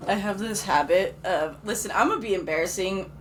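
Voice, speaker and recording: A woman's voice: medium pitch, fairly quick, poor audio. A young woman co-hosting a casual podcast with her brother, self-conscious and giggly, a little twitchy. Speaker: podcast co-host. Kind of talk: casual chat. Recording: faint background noise.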